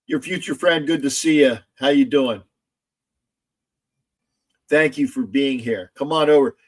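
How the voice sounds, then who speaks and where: A man hosting a casual sports livestream, loud, gloating and profane, repeating himself often. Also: medium pitch, measured pace. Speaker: livestream host.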